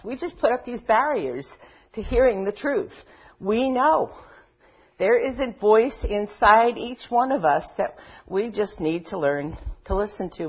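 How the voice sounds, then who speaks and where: A woman with a fairly low, husky voice talks easily to a live audience about listening to your inner voices. She fills her talk with 'you know' and slips into quoted voices. The recording is a little dull and lo-fi. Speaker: workshop speaker.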